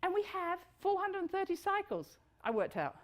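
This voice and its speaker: A middle-aged woman delivers a lively talk to an audience at a normal speed. She swoops high for emphasis and drops low and soft.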